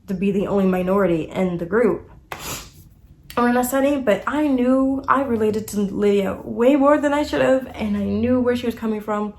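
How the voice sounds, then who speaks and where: A woman's voice: a little high, moderate pace. Emotional young woman reviewing books. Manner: emotional and animated, many fillers like "like" and "you know". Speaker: book reviewer. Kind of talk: casual book review chat.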